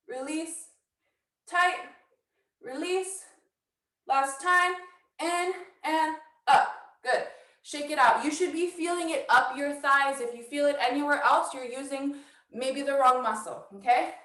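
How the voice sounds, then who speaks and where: A woman teaching a dance workshop, coaching brisk and counting steps, a little out of breath. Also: sits high, fairly even intonation, a bit bright, echoey room, far from the mic, low-quality recording. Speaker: dance instructor. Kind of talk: online dance workshop instruction. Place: house.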